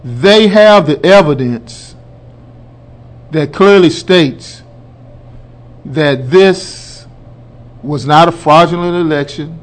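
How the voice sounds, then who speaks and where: A man hosting a radio show, delivering a colloquial, emphatic political commentary monologue that builds to loud declarations and addresses listeners as folks. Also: a little high, slow pace, long pauses.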